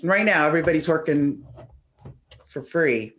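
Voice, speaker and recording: A woman's voice: deep voice, animated, normal speed, a bit bright. A woman leading a question segment in a casual group chat, laughing and teasing the team.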